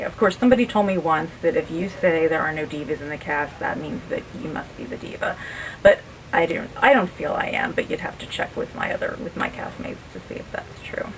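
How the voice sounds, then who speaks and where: A woman's voice: low voice, distant mic, a little hiss or hum, rough recording. A middle-aged actress chatting backstage about her stage role, laughing easily and talking about herself with a light, self-mocking touch. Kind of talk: casual backstage interview. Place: theater backstage area.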